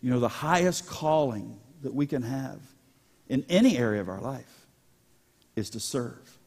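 A pastor preaching a sermon, animated and joking with his congregation. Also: mid-range voice, unhurried, creaky. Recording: long hall reverb.

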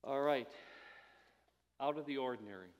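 A man's voice: medium pitch, normal speed, clear, resonant tone, lo-fi sound. A man giving a conversational sermon as a pastor, his delivery rising to emphatic moments. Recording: long hall reverb.

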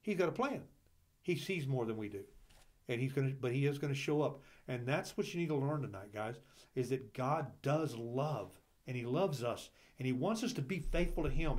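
A man's voice: mid-range voice, animated, moderate pace, darkish tone. A man co-hosting a Bible discussion, fervent, rising into impassioned preaching with repeated rhetorical questions. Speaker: church Bible study co-host.

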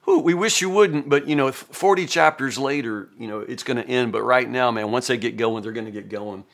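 Bright-voiced man in chatty Bible commentary. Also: medium pitch, a little fast. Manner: conversational, many fillers and stammered restarts. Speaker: podcast host, Bible teacher. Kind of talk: casual Bible reading commentary.

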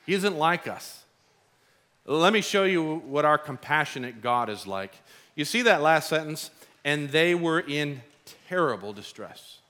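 A middle-aged man preaching a sermon as pastor, telling stories and acting out quoted voices. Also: fairly high pitch. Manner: animated storytelling, acts out quoted voices.

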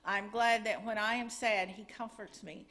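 A woman's voice: mid-range voice, steady tone, moderate pace, fairly bright tone. Earnest middle-aged woman testifying in church. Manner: earnest, chatty, a little nervous. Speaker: church member giving a missions update. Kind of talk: testimony and missions report.

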